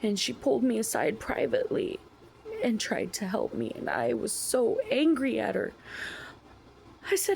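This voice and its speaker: A young woman vlogging a personal story, slow and emotional, sometimes dropping to a whisper. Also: fairly high pitch, wildly swooping pitch, gravelly, darkish tone, slight background noise, rough recording.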